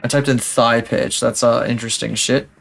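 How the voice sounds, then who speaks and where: A man's voice: mid-range voice, flat delivery, normal speed, gravelly, a bit bright, faint music behind. A young man live-streaming, chatting casually in a rambling, profane, self-mocking way.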